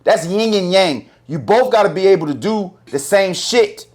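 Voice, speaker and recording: A man's voice: sits high, lively intonation, moderate pace. Emphatic, swearing man host on a podcast. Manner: emphatic and profane, lecturing in long rants. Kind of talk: casual podcast chat.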